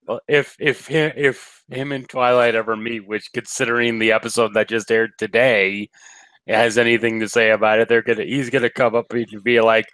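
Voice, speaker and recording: A man's voice: medium pitch, flat delivery, moderate pace, fairly bright tone, smooth, no echo. A man co-hosting a casual chat, joking playfully alongside the host. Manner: laughing, playful banter.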